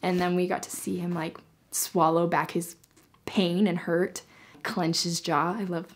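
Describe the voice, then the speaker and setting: A young woman excitedly reviewing a novel in a casual vlog, gushing and peppering her talk with "like". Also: lowish voice, unhurried. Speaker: book reviewer.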